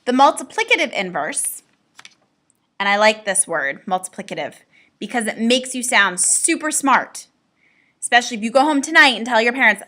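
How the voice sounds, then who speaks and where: A woman's voice: on the high side, expressive, normal speed, bright, forceful tone. A woman teaching a recorded math lesson, explaining step by step with playful asides to her students.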